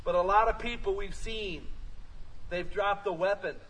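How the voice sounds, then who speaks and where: A man preaching a lively sermon as pastor, telling stories and rising to shouts. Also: high-pitched, moderate pace, slightly rough, recorded from a distance, low-quality recording. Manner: energetic, storytelling, rising to shouts.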